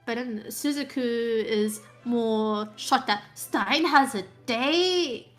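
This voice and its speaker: Young woman, tabletop player, casual recap, fairly high voice, faint music behind. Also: takes it slowly, a bit bright. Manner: chatty, with many fillers and restarts.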